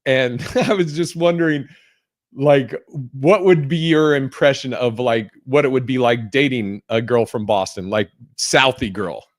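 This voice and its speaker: A man's voice: medium pitch, unhurried, dry recording, studio quality. A man hosting a podcast in casual chat, rambling with lots of fillers and casual swearing. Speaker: podcast host.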